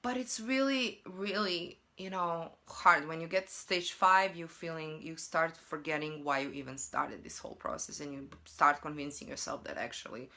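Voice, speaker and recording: A woman's voice: low voice, normal speed, hardly any pauses, sharp tone. A young woman life coach talking casually in a motivational vlog, acting out inner thoughts in quotes.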